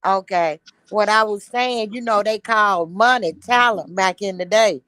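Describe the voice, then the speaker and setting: A woman's voice: mid-range voice, a little slow, a bit bright, no room sound. A woman, a guest on a casual video-call chat, ranting in a blunt, sassy way.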